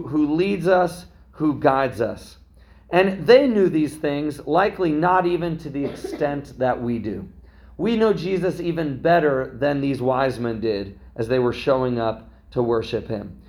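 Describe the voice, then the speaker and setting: A man's voice: medium pitch, a little mellow, slight background noise. A man preaching a sermon in a conversational way, often checking in with his listeners. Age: young adult to middle-aged, a parent. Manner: conversational preaching, frequent "right?" asides. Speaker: pastor.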